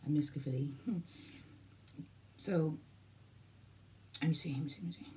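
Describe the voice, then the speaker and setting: Her deep, mellow voice moves at normal speed, with slight background noise. She's a vlogger from Wales in her forties, chatting casually to camera while she rambles, repeats herself and loses track of what she's saying.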